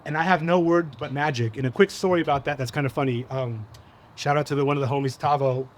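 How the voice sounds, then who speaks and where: A man on a live panel telling an animated story in casual slang. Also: medium pitch, quick pace, a little hiss or hum. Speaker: panel guest. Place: live event at a cafe.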